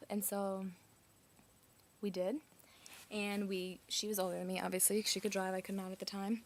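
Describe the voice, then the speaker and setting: A woman recounting a personal story in a loose, chatty way. Her sentences spill out with "like" and "um" scattered throughout, and her pitch sits at an ordinary middle height for a woman. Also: level tone, normal speed, long pauses. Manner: chatty, lots of "like" fillers.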